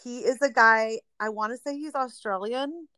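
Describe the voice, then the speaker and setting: A woman's voice: a little high, moderate pace, bright, forceful tone, no room sound. Chatty woman, dry close mic. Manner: chatty, trails off and restarts, light laughs. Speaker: podcast co-host. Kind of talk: casual chat recommending podcasts.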